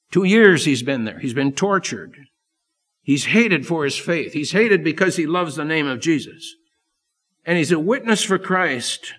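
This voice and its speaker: A male pastor preaching a sermon to his church, emphatic, swinging between loud declarations and quiet asides. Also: on the high side.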